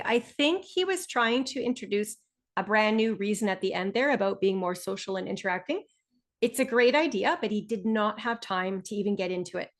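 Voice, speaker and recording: A woman teaching a test prep webinar, explaining scores in a clear, friendly way. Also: medium pitch. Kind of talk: instructional webinar.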